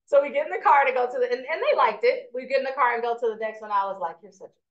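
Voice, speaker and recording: A middle-aged woman teaching a live real estate class, telling stories with lively energy and often checking in with "right?". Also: a little high, fairly quick. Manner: animated storyteller, asks "right?" often. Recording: echoey lo-fi room recording.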